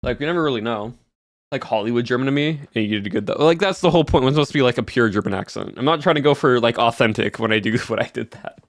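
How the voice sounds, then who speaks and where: A man's voice: mid-range voice, quick pace, no echo. Rambling young streamer man, dry sound. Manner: rambling, filler-heavy, answers chat. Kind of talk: casual stream chat.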